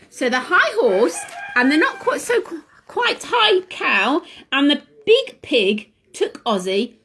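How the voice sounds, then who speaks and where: A woman reads a picture book to young children in a high, bouncing, sing-song voice. She speaks slowly and keeps pausing to ask the little ones questions. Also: a bit bright, slightly rough. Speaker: children's class leader. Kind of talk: reading a story to young children.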